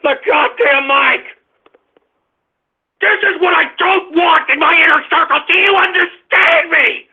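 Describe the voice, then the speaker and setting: A man hosting a radio show, ranting at callers in an exasperated, shouting manner with lots of swearing. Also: extremely high pitch, a little slow, pauses often. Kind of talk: ranting call-in radio talk. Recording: lo-fi phone-like audio.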